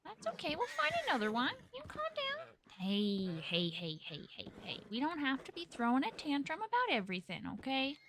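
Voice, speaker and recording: A woman plays a sweet, naive young frontier woman in a role-play game, chattering in a folksy drawl with a high, bright, lively voice that swoops up and down. She coaxes and soothes animals in a gentle tone, and a faint hiss sits under the recording. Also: a little fast, hardly any pauses, full character voice. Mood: soothing. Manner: folksy drawl with ain't and gotta.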